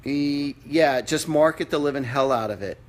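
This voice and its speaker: A man hosting a live-stream as a psychic medium gives casual, blunt readings with some mild swearing. His medium-pitched voice moves at a quick pace, picked up by a computer or phone mic.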